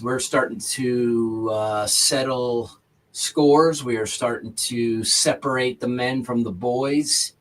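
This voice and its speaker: Excitable man ranting about football. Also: mid-range voice, rough recording. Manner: excitable, ranting, retells stories with animated voices. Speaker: co-host. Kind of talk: casual sports talk.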